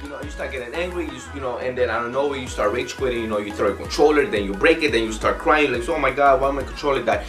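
A man's voice: mid-range voice, fast, few pauses, over music. A young man hosting his own video, rambling casually with many fillers. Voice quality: rambling, heavy use of fillers. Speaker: youtuber host.

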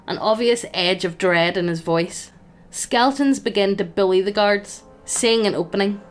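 A woman runs a tabletop game as game master, narrating the scene in a playful, amused way. Her voice sits at a middle pitch. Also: moderate pace, faint music behind.

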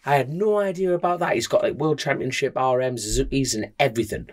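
A man speaks quickly in a mid-range voice. He's a motorbike racer co-hosting a motorbike podcast, telling rambling, animated stories packed with fillers in a casual chat.

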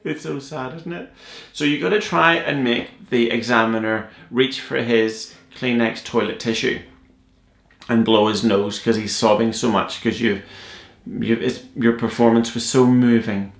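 A man's voice: mid-range voice, expressive, unhurried, vocal fry, reverberant. A man teaching a cello piece in a playful, joking, encouraging way. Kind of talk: music tutorial.

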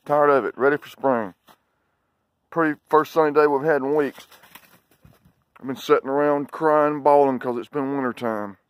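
Outdoors on a sunny day, a dog-owner vlogger with a Southern US accent chats casually while playing fetch, drawling and coaxing his dog with short calls. His voice is mid-range and fairly even in intonation, at a moderate pace with long pauses. The recording is dry.

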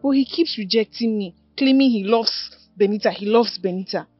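A woman's voice: medium pitch, moderate pace, dry recording, highs cut off, soft background music, close to an everyday voice. An actress with a Nigerian accent playing a scheming young woman who taunts her friend. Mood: confessing. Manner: defiant, taunting.

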